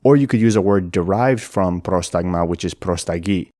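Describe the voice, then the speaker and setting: A man with a low, deep voice narrates an educational explainer. He talks in a clear, methodical way. The sound is close and dry. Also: normal speed, mellow, no echo. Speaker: language explainer.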